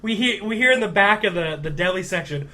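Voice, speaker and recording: Bright high-voiced man telling a story. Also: a little fast. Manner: animated storyteller doing character voices. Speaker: podcast co-host. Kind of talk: casual chat, storytelling.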